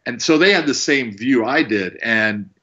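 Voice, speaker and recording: A man who works as a fight referee, telling animated stories and acting out what people said. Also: mid-range voice, moderate pace, muffled recording. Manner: animated storyteller, acts out quotes. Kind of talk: casual storytelling.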